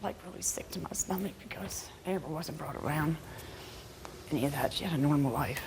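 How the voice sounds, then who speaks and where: A middle-aged woman, a mother on a talk show, pleading emotionally and often speaking softly. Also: low-pitched, fairly quick, gravelly, noisy background.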